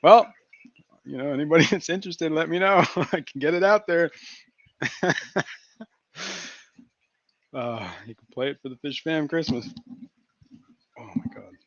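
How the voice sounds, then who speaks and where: A man's voice: a little high, measured pace, long pauses, dry recording, highs cut off. A man hosting a casual live stream from his fish room, laughing at his own jokes. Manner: giggly, keeps cracking himself up. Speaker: fishkeeping livestream host.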